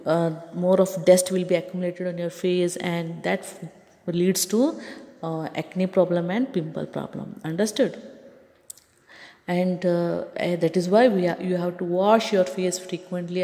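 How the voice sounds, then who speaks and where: Woman teacher with a mellow voice. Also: on the low side, long reverb tail. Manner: explaining slowly with frequent checks like "okay" and "understood". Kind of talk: classroom science lesson.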